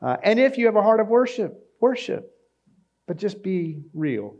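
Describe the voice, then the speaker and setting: A man's voice: high voice, sing-song, normal speed, warm tone. Conversational pastor, man, slightly dull sound. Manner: conversational, with fillers and acted quotes. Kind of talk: sermon.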